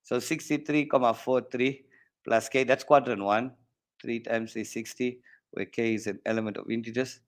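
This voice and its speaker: A man's voice: medium pitch, fairly even intonation, normal speed. A South African man teaching maths in an online exam workshop, joking and bantering between worked steps. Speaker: maths tutor. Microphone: online stream mic.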